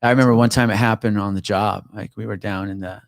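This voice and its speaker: A man's voice: on the low side, steady tone, fast, gravelly, dry recording, clean studio sound. A middle-aged man, a retired police officer, guest on a podcast, telling stories in a laid-back way and calling people man. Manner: laid-back storyteller, says man a lot, swears. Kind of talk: casual chat.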